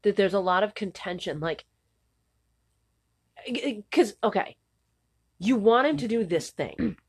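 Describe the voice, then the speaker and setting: A woman in her thirties co-hosting a casual chat, blunt and cynical, a little hoarse and often clearing her throat. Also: medium pitch, animated, unhurried, darkish tone. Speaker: podcast co-host.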